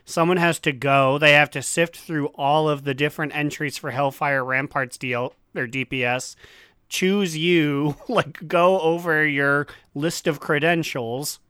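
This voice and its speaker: A man's voice: on the high side, steady tone, unhurried, sharp tone, clean tone, dry recording, studio quality. A man chatting casually about a video game, joking and teasing his friends. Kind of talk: casual gaming chat.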